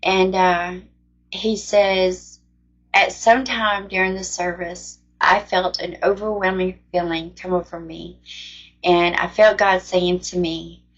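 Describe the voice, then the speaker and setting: A woman's voice: fairly low pitch, level tone, slow pace, dull audio. A woman telling a personal testimony of faith in a casual, earnest, rambling way. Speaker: faith storyteller.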